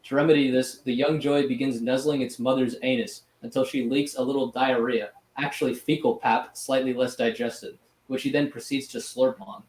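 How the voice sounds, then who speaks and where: A man reading out a scripted rant in a sardonic, deadpan way, with crude asides. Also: mid-range voice, moderate pace. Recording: roomy echo, faint noise.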